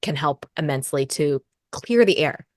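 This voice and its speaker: Female podcast co-host, deep for a woman, dry close sound, chatty anecdote style. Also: expressive, normal speed, darkish tone, no room sound. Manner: storytelling, chatty, laughing asides. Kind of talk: casual conversational chat.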